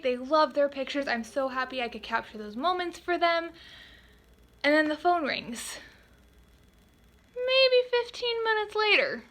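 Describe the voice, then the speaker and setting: A woman photographer telling a storytime vlog, animated and exasperated, quoting customers in quick voices. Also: sits high.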